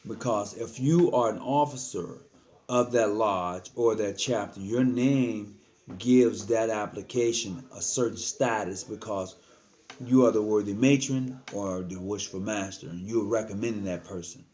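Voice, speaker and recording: A man's voice: on the low side, unhurried, a little mellow. An earnest man talking casually to the camera, giving frank advice as a lodge member, often repeating himself and slipping into slang.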